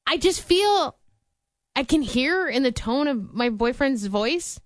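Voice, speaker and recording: Animated woman telling a story. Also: high-pitched, takes it slowly, dry recording, clean studio sound. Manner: animated storyteller, laughs often, keeps asking okay. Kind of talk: casual chat.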